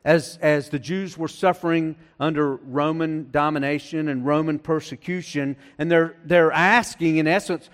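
A man's voice: on the high side, steady tone, unhurried, big-room sound. A man preaching a sermon as pastor, talking in a conversational way with frequent restarts and fillers.

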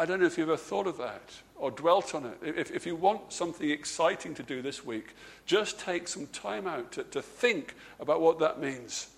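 A man preaching a sermon, stressing key words by slowing down and dropping his voice, with frequent repeated words and restarts. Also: vocal fry. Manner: emphatic, slows and drops low on key words.

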